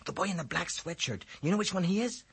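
A man with a husky voice putting on a high, eager schoolboy who stalls and makes excuses in class. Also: lively intonation, fairly bright tone, heavily acted. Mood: chatty. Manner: high, drawn-out, wheedling boy voice. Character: excitable schoolboy, eager and scattered.

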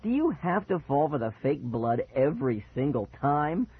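A man's voice: fairly high pitch, sing-song, moderate pace, husky, no room sound, exaggerated voice. A man voicing a bratty, mocking boy who loves pranking his brother, over a tinny, dry line. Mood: taunting. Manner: mocking, giggling, taunting. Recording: dry, tinny phone-like sound.

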